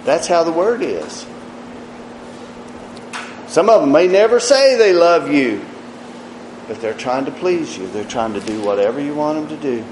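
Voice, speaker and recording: A man preaching a sermon earnestly, rising in emphasis and dropping to quiet, low asides. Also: lively intonation, reverberant, a little hiss or hum, rough recording. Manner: slow, earnest preaching with rises and quiet drops.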